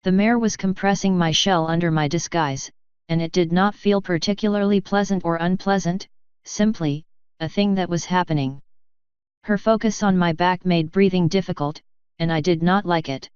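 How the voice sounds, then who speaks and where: A woman narrating a story in a lowish, very smooth voice with an even read-aloud delivery. The recording is dry and slightly dull, like a home setup. It is fanfiction audiobook narration. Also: normal speed, no room sound. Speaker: fanfiction reader.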